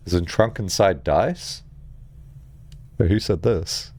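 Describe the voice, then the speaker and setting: A man's voice: low-pitched, slow, long pauses, a little mellow, dry recording. A young adult man streaming a video game, rambling through comedic tangents and laughing often. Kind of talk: casual live-stream commentary.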